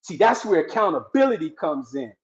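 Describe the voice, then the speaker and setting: A man delivers a motivational speech with the fervor of a preacher, hammering his points through repetition. His voice sits a little high for a man. The recording is dull and lo-fi. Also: big pitch swings, fairly quick. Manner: fervent, preacher-like emphasis with repetition. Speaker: guest speaker. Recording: dull lo-fi sound.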